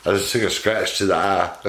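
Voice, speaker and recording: A man hosts a casual pet vlog from home, chatting to his pets in a doting, chuckly way and softening into cooing. His voice is on the low side, and the recording is reverberant with a little hiss or hum.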